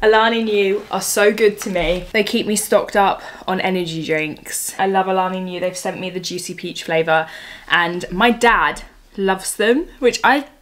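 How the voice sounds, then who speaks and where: A young woman from England, chatting casually to her camera at home, self-deprecating and quick to laugh. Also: medium pitch, steady tone, fairly bright tone. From southern England. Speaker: vlogger. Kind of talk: casual vlog chat to camera. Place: at home, indoors.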